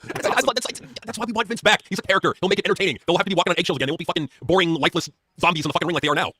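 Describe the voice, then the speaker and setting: A man co-hosting a casual wrestling chat, ranting loud and profane. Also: high voice, rapid-fire, slight background noise. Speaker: podcast co-host.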